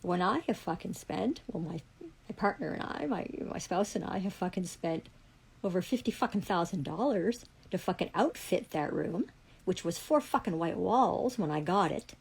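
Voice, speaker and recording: A woman's voice: fairly low pitch, animated, moderate pace, vocal fry, darkish tone, slightly rough, rough recording. A woman in a furious, heavily profane livestream rant. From Canada.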